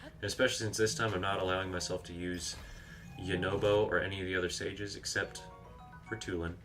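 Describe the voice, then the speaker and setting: A man's voice: deep voice, steady tone, brisk, over music. A man streaming a video game, chatting casually, reacting aloud to the action and reading out viewer comments. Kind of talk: live gameplay commentary.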